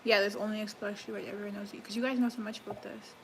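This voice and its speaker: A woman's voice: mid-range voice, level tone, fast talker, a bit bright, a little hiss or hum, rough recording. A young Canadian woman from Alberta, chatting casually to her viewers on a live stream, rambling with fillers and restarts. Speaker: livestreamer. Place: home kitchen, cooking.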